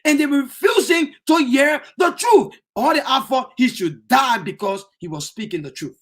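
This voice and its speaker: A man preaching an impassioned sermon, often bursting into shouts. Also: very high voice, lively intonation, moderate pace.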